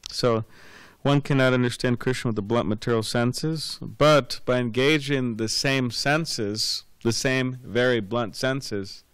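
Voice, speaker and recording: A man's voice: mid-range voice, measured pace, few pauses, a bit bright, clean tone, no room sound. A man giving a scripture class, rambling and repeating words with many fillers, telling anecdotes. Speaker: class speaker.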